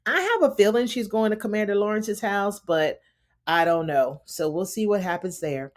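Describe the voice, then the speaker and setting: A woman's voice: mid-range voice, expressive, moderate pace. A woman casually recapping a TV drama episode, acting out the characters' lines in shifting voices and chatting to her listeners. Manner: chatty, addresses listener as honey. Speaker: TV recap reviewer. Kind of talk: casual recap with acted-out quotes.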